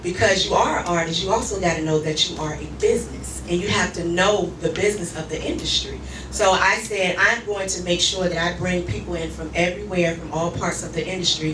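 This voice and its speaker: Earnest woman in an echoey room. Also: on the low side. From Virginia. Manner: earnest, filler-heavy storytelling. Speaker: music conference organizer. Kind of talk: casual interview chat. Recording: echoey room, far from the mic, noisy.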